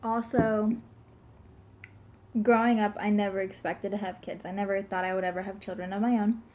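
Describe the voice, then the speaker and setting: Talking to camera in a steady, dark-toned medium voice at a moderate pace, this young pregnant woman in her twenties vlogs casually. She rambles, giggles, uses lots of fillers and occasionally burps.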